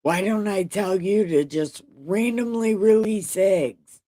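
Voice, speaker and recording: A woman's voice: medium pitch, slow pace, warm tone, voice pushed up. A woman voicing an exasperated biblical patriarch who rants crudely and in disbelief. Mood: indignant. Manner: crude, incredulous ranting.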